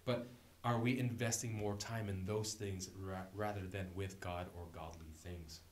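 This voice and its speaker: A man's voice: deep voice, fairly even intonation, measured pace, darkish tone. A man preaching a sermon as a guest speaker, talking in a conversational, joking way and laughing often. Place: church sanctuary. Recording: echoey church room.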